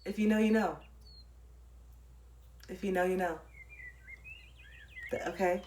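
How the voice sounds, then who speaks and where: A woman's voice: on the low side, fairly even intonation, unhurried, a little mellow, a little hiss or hum. A woman on a livestream giving a blunt, profane motivational talk, repeating points for emphasis and laughing often.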